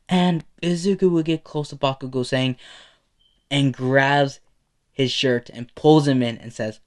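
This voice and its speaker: A man telling an improvised fan-fiction tale, rambling along with plenty of fillers and restarts. His voice sits at an ordinary middle pitch. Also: steady tone, a little slow. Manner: loose, rambling, many fillers. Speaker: storyteller.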